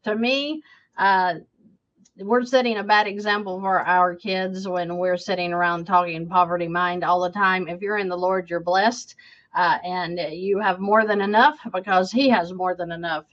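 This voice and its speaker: A woman's voice: lowish voice, steady tone, normal speed, fairly bright tone, highs cut off. A woman, a financial coach, answers viewer questions emphatically and keeps checking in with "okay?". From United States.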